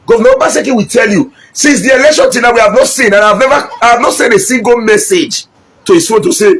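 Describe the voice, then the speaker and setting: A man's voice: very high-pitched, sing-song, quick pace, a bit bright. A middle-aged Nigerian man giving an impassioned political speech, mixing Pidgin with English and repeating his points for emphasis. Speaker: local politician.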